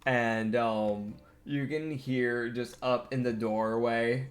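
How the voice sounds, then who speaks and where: A man's voice: medium pitch, fairly even intonation, slow pace, faint music behind. A young man narrating a tabletop game as game master, casual and laughing often, with lots of fillers.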